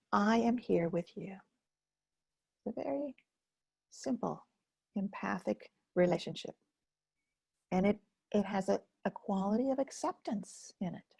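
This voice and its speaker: A woman hosting a live webinar on self-care who talks gently and unhurriedly, reads out comments from the chat, and often drops to a soft near-whisper. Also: medium pitch, creaky, husky, no room sound.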